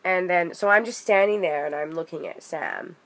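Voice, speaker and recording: A woman's voice: on the low side, moderate pace, fairly bright tone. A young woman telling a story in a casual vlog, chatty and indignant, with frequent fillers. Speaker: vlogger.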